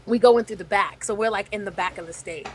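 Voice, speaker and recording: A woman's voice: medium pitch, fast talker, slight background noise, rough recording. A woman comedian telling a story in casual chat, swearing freely and acting out what others said. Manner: lively storyteller, swears freely, acts out quotes. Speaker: comedian guest.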